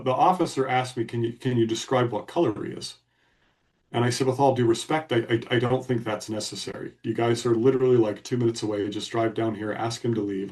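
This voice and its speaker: A man's voice: mid-range voice, darkish tone, recorded from a distance. A man co-hosting a podcast, telling a story in a blunt, emphatic way. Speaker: podcast co-host. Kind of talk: casual storytelling.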